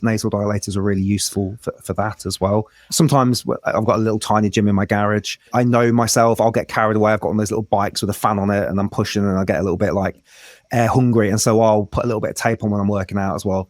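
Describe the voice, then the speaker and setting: Guy with a lowish voice chatting about breathing, dry close sound, keeps restarting sentences. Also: darkish tone, dry recording. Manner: enthusiastic, explanatory, frequent restarts. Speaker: breath work coach, guest. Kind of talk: casual interview chat.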